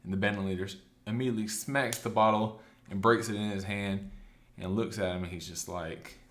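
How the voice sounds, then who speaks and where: A man casually recapping a story, chatty and loose, slipping into quick quoted lines. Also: on the low side, steady tone, fairly bright tone. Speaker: anime recap host.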